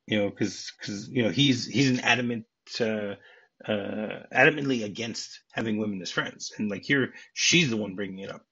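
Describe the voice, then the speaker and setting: A man's voice: on the low side, normal speed, pushed and bright, husky, lo-fi sound. A man co-hosting a podcast, chatting casually and explaining film scenes and trivia at length. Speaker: podcast co-host.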